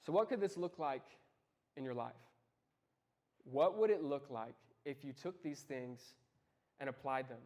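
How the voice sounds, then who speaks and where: A young man giving a casual youth sermon, telling lively stories and asking his listeners direct questions. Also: medium pitch, measured pace, pauses often. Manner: lively storytelling, talks straight to the listeners. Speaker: youth ministry speaker.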